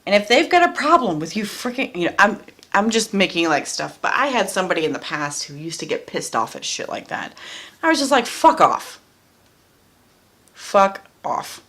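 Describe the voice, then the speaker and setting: A woman's voice: lowish voice, very animated, fairly quick, a bit bright. A woman doing a casual tarot card reading, chatty and blunt, who often repeats her phrases and swears freely. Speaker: tarot reader.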